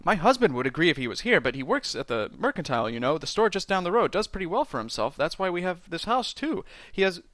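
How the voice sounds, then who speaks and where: A man voicing a chatty middle-aged woman from a computer game who talks without pausing for breath. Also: wildly swooping pitch, fairly bright tone, dry recording, heavily acted. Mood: gushing. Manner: breathless, gushing, high and rapid.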